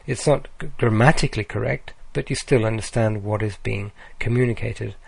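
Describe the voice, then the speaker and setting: A man giving a recorded slide lecture, speaking deliberately with frequent ums and uhs. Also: lowish voice, creaky, breathy edge, dry recording.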